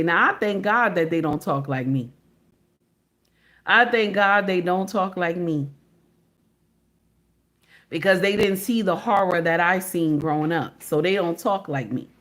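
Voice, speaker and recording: A woman's voice: medium pitch, a bit bright. A middle-aged woman hosting a reaction livestream, speaking casually in slangy, emphatic speech and repeating her points.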